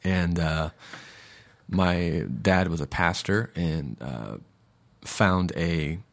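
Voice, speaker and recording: A man's voice: low voice, extremely slow, gravelly. A man in his thirties hosting a casual podcast monologue, rambling and digressing with lots of fillers. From Florida, USA. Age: 30s. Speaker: podcast host.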